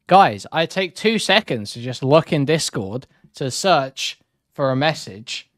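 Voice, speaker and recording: A man's voice: fairly high pitch, sing-song, measured pace, a bit bright, dry recording, clean studio sound. A man streaming live, talking in a blunt, sarcastic, rambling way as he reacts to chat. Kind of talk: casual live-stream commentary.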